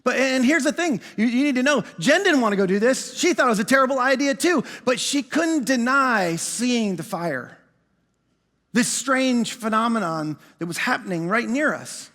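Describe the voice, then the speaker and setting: High-voiced animated pastor in a reverberant hall. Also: male voice. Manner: animated, self-mocking storytelling with quick shifts to quiet reflection. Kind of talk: sermon storytelling. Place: large church auditorium.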